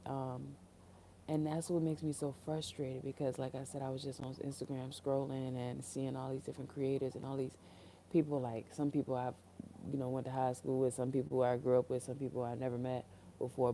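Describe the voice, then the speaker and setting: A young woman speaking alone on a livestream in a very dark, mellow voice. She sounds earnest and reflective, wandering through her thoughts with fillers and restarts while holding back tears. A faint hiss sits under her voice. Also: rumbling low, steady tone, moderate pace. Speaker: creator on a solo livestream. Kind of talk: candid solo livestream talk. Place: room, alone.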